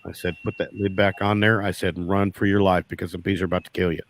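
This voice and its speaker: Man, low voice, folksy beekeeper telling stories. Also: flat delivery, fast, dry recording. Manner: folksy, repeats "I said" in quoted dialogue. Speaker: beekeeper guest. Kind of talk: casual storytelling.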